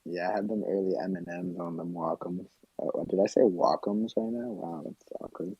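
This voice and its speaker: Husky low Canadian man, muffled mic. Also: normal speed, no echo. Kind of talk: casual chat.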